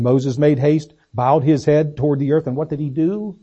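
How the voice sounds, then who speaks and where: A man preaching a sermon, swinging between loud slow emphasis and low quiet asides. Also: steady tone, husky. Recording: dull lo-fi recording.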